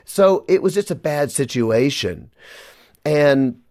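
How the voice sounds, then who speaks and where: A man's voice: on the high side, lively intonation, slow, darkish tone, dry recording, clean studio sound. Earnest man telling his faith story. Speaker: guest. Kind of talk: personal testimony in a radio interview.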